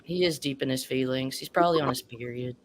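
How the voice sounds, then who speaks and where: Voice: mid-range voice, fast, slight background noise. A speaker teasing others with sarcasm in a casual stream chat.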